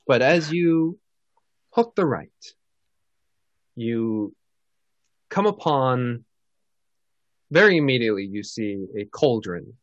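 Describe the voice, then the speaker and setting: A man's voice: mid-range voice, lively intonation, takes it slowly, long pauses, dry recording, highs cut off. A man narrating a tabletop game as game master, describing scenes with many hesitations.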